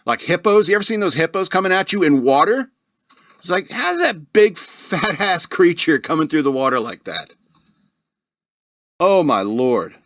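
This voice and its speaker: A man hosts a podcast in a loose, rambling comedic monologue. His voice sits a little high and swings widely as he riffs, and he laughs often. The sound is close and dry, with no room around it. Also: sing-song, normal speed, fairly bright tone, dry recording. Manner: puts on mocking voices for quotes. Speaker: podcast host.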